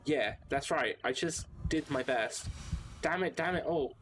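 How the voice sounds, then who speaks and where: A man's voice: a little high, a little slow, background noise, natural voice. A man voicing a despairing, angry office worker who rants and curses bitterly in a horror visual novel. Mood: anguished. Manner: bitter, cursing, ranting.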